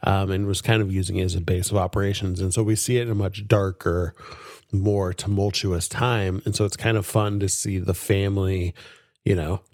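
With a low, level voice that is a little mellow, this podcast co-host talks at normal speed in a casual, enthusiastic chat full of laughter and fillers. There's no room sound, just a clean studio recording.

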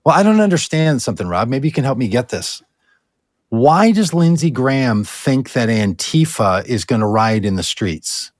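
A man rants with heavy sarcasm on a political chat show. His voice is caught dry and close, with no room sound. He speaks at an ordinary, mid-range pitch. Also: big pitch swings, normal speed, no echo. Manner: sarcastic, ranting. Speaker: co-host.

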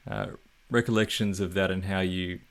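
A male interviewer asking a gentle, hesitant question. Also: deep voice, fairly even intonation, normal speed, vocal fry.

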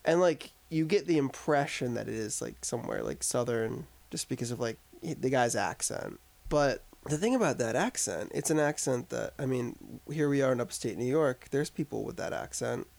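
A man's voice: medium pitch, lively intonation, normal speed, gravelly, few pauses, a little mellow. A man co-hosting a casual podcast chat, reviewing a film in a rambling way full of filler words. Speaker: podcast co-host discussing a film. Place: upstate New York.

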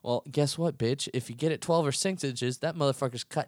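A man's voice: medium pitch, fairly quick, hardly any pauses, no echo, studio quality. Heated, profane male podcast host. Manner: heated, profane, emphatic arguing. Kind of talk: casual ranting monologue.

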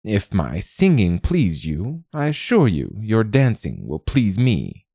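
A man voicing a proud, dignified female queen crow who speaks in a measured, stately way. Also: on the low side, huge pitch swings, creaky, warm tone, breathy edge, pitched above the performer's own voice, full character voice. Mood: coaxing. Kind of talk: storybook reading.

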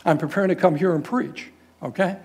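Gravelly older man preaching a story. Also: high voice, a little fast. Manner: animated, folksy, quotes people in raised voices. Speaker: guest pastor. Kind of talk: sermon storytelling.

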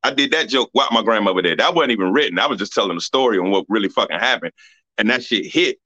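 A man's voice: fairly low pitch, expressive, quick pace, pushed and bright. A man who is a stand-up comedian, chatting casually on a podcast, laid-back and supportive, swearing in passing. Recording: slightly dull lo-fi sound.

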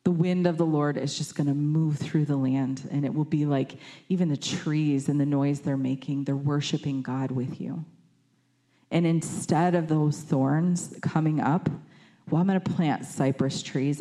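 Low, mellow-voiced woman preaching. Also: a little slow. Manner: conversational, with fillers and lively quoted voices. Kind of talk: sermon.

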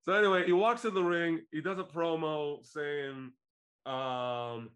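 A man from Israel co-hosting a podcast, retelling a wrestling event in a lively, joking casual chat. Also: on the high side, measured pace. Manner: animated storytelling, laughs often. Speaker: podcast co-host.

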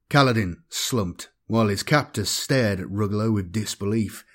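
A man giving a measured, dramatic scripted narration of a science-fiction audiobook. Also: lowish voice, fairly bright tone.

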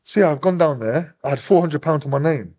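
Podcast guest, English male, quick animated storyteller, a touch high-pitched. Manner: swears constantly, rapid animated storytelling, acts out voices. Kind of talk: casual storytelling interview.

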